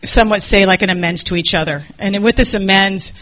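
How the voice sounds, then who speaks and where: A middle-aged woman with a bright, sharp-edged voice tells her recovery story candidly. She acts out the people in her story and laughs through the hardest parts. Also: medium pitch, fairly quick, poor audio. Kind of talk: personal recovery testimony.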